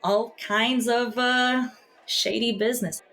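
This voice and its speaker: A woman's voice: fairly high pitch, steady tone, slow pace, fairly bright tone. A woman playing a tabletop game, speaking hesitantly with many fillers as she describes her character's background. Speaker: player. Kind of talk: casual tabletop game talk.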